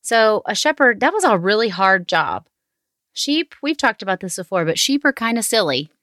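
A woman in her thirties hosting a family prayer and meditation time, speaking slowly and encouragingly to her son. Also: medium pitch, very animated, fairly bright tone, no room sound, clean studio sound. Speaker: host of family devotional. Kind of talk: gentle guided family devotional.

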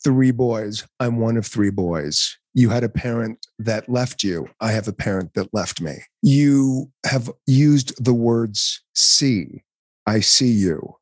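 A middle-aged man with a medium-pitched voice hosts a podcast at a slow pace, recorded in a clean studio with no echo. In this heartfelt interview he's effusive and playful, gushing over his guest.

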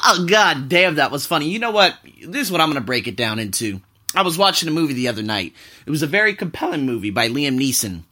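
A man's voice: fairly high pitch, sharp tone. A man hosting his own podcast in a casual monologue, profane and wandering off on tangents. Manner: loose and profane, drifting off on tangents. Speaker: podcast host.

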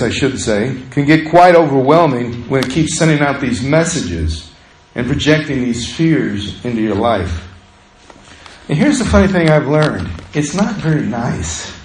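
A man preaching a sermon as pastor, talking in a conversational, animated way and telling stories with laughter. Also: medium pitch, roomy sound, a little hiss or hum, low-quality recording.

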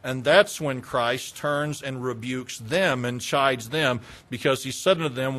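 High-voiced man preaching a dynamic sermon. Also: lively intonation, unhurried, few pauses. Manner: dynamic preaching that swings between loud and hushed; dramatic retelling with repetition. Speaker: pastor.

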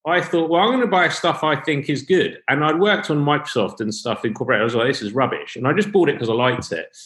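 A man hosting a podcast from his home flat over a video call, telling stories in a loose, rambling way with fillers. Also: on the high side, fast talker. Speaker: podcast host. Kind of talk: casual podcast chat. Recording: roomy home sound.

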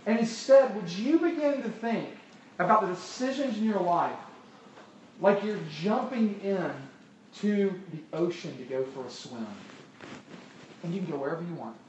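A man's voice: high voice, lively intonation, normal speed, lo-fi sound. A man preaching a sermon, talking conversationally and asking the crowd rhetorical questions. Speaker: pastor. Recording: echoey hall, distant mic, loud noise.

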